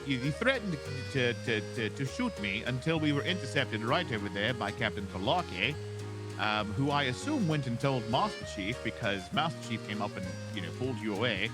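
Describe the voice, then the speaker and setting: A man's voice: mid-range voice, expressive, a little fast, music in the background. A man speaking in character in a roleplay, polite and hesitant, often stammering and restarting. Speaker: roleplay player as an instructor character.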